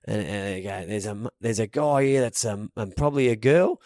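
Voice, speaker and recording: An Australian man co-hosting a podcast, telling an animated, profanity-laced story in casual banter. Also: fairly low pitch, fairly quick, dry recording, studio quality. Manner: storytelling, swears freely, animated. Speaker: podcast co-host.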